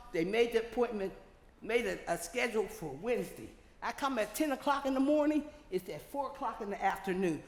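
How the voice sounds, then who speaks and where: A woman's voice: fairly high pitch, a bit bright. Rambling older woman in an echoey hall. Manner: rambling, emphatic storytelling. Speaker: public commenter. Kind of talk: public comment at a council meeting. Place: large echoey council chamber. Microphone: podium microphone.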